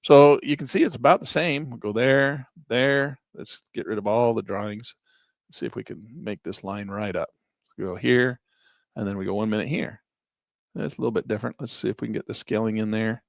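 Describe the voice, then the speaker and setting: A middle-aged man giving a chatty screen-share lesson on day trading, calm in his explanations but now and then breaking into excited exclamations. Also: on the low side, normal speed, gravelly, no echo.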